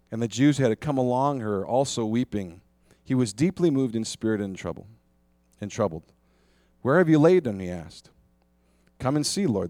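A man preaching a sermon as pastor, retelling a Bible story in a conversational, animated way with rhetorical questions. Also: lowish voice, no room sound.

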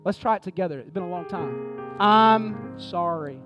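High-pitched preacher over music. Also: male voice, brisk. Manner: builds from hushed pleading to loud fervent exhortation; repetitive preacher cadence, addresses the congregation directly. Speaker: pastor. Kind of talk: sermon.

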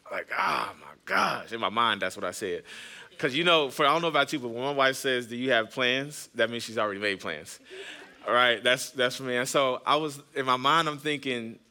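Brisk and sharp-toned, this mid-range male voice belongs to a pastor in his thirties who preaches on his podcast. He keeps it conversational, weaving in personal stories and jokes for the congregation.

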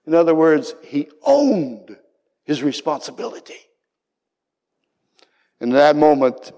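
A man's voice: on the high side, expressive, slow, long pauses, dark tone. A man preaching a sermon with passion, his voice climbing into cries on key words. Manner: impassioned, rising to cries on quoted words. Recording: long hall reverb.

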